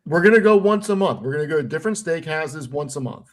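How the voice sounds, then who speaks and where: A man's voice: fairly high pitch, lively intonation, quick pace. A man co-hosting a live stream, chatting casually in an emphatic, jokingly bossy way. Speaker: stream co-host. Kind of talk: casual chat.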